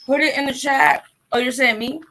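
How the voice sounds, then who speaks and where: A woman hosting a casual livestream chat, blunt and animated, sometimes trailing off into near-whispers. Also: high voice, moderate pace, poor audio. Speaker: livestream host.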